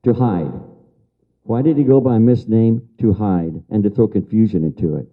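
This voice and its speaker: A man's voice: fairly low pitch, moderate pace. An older man giving a lecture as a story to an audience, repeating key phrases for emphasis and answering remarks from the room. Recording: dull lo-fi lecture recording.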